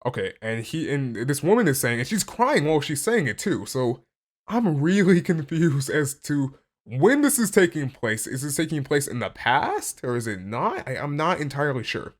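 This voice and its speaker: A man casually reacting to a comic chapter, excitable and stammering, packing his talk with "like" and reading passages aloud between his reactions. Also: fairly high pitch, moderate pace. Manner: excitable, stammering, heavy use of "like".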